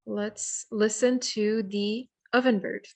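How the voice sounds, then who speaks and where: A woman leads a virtual lesson on identifying birds. She explains in a friendly, step-by-step way, pausing and restarting now and then. Her voice sits at an ordinary middle pitch. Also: steady tone, noisy background. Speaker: workshop presenter. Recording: virtual program audio.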